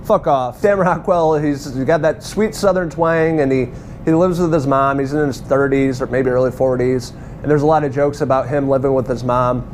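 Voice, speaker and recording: A man's voice: mid-range voice, fairly even intonation, normal speed, a little mellow, slight background noise. A man giving a casual, rambling movie review, swearing freely and laughing now and then. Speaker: film reviewer.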